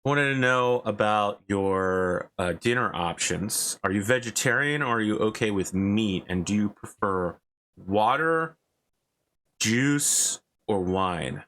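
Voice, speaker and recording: A man's voice: fairly low pitch, expressive, slow, fairly bright tone, full character voice. A man voicing a polite masked woman interrogator. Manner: courteous, matter-of-fact, reassuring.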